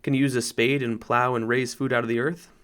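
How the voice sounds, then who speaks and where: A man voicing a great lion who speaks slowly, low and deep, with solemn kingly gravity, in an audiobook. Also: level tone, fairly bright tone, natural voice. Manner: slow, grave, low and deep. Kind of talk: audiobook narration.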